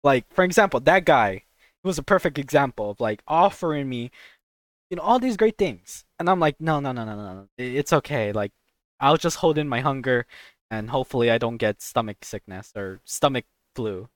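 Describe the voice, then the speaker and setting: Animated young woman telling a story. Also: very deep voice, normal speed, no echo, clean studio sound. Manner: animated, swears, acts out voices in her story. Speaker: podcast co-host. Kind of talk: casual storytelling.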